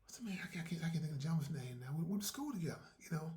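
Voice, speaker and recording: A man's voice: fairly high pitch, lively intonation, racing, darkish tone. A man hosting his own podcast, talking casually in a folksy way, repeating words and acting out little dialogues. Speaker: podcast host. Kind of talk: casual solo monologue.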